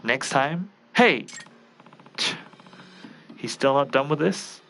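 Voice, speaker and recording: A man's voice: medium pitch, animated, slow, gravelly, sharp tone, a little hiss or hum, full character voice. A man voicing a terse young male detective with a blunt, dry way of talking.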